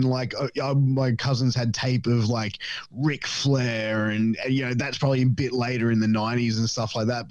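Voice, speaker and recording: A man's voice: on the low side, a little mellow, no echo. A man telling stories in casual chat as a podcast guest, swearing often and filling his talk with likes and you-knows. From Australia. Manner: rambling, profane, many fillers, acts out voices in stories.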